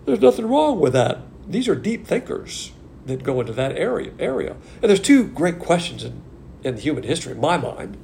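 Blunt gravelly male preacher, lively pitch. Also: normal speed, a little hiss or hum. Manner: folksy, blunt, rhetorical questions. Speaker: Bible class teacher. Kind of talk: informal sermon. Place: church class streamed on video call.

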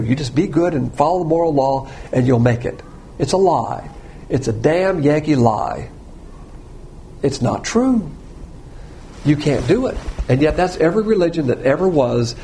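A man preaching a sermon, blunt and provocative, swinging between loud emphasis and quiet asides. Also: on the high side, slight background noise.

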